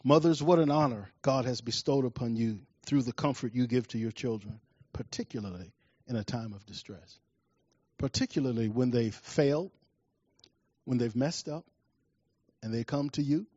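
A man from Washington, D.C. preaching a sermon, telling personal stories with lively acted-out scenes and dropping to a soft, quiet tone when he reflects. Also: medium pitch, normal speed, dry recording, lo-fi sound. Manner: animated storytelling, acts out scenes loudly.

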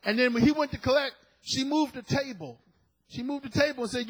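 Husky high-voiced man preaching. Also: a little fast, poor audio. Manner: animated storytelling, acting out quotes, laughing. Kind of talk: sermon with personal story.

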